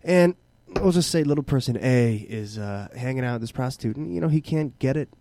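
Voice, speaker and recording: Dude telling a dirty joke on a chat show, animated pitch, dry mic. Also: male voice, fairly quick, no room sound. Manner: loose, crude joke-telling. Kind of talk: casual talk show banter.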